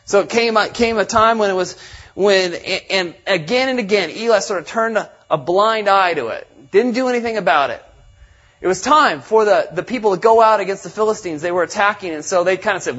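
A middle-aged male pastor delivers a sermon in a fairly high, husky voice. He talks in an animated way, restarting phrases often. The recording sounds a bit dull and muffled. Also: a little fast.

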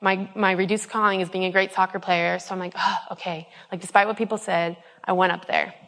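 Here a woman in her twenties gives her personal faith testimony at a fast clip, her medium-pitched voice level in tone and a bit bright. The account rambles earnestly, full of ums and false starts, and echoes with long hall reverb.

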